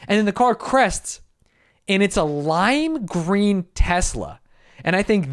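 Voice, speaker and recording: A young man recounts a story as a streamer, reacting to a video as he goes. His pitch bounces all over the place and his tone is animated and self-mocking. He swears freely along the way. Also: slow pace.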